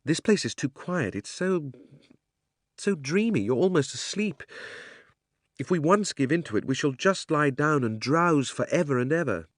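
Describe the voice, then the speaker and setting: A man reading an audiobook, voicing a dreamy young girl with a high, airy, lilting voice. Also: lively intonation, moderate pace, no echo, studio quality. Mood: urging. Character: dreamy young girl, curious then anxious.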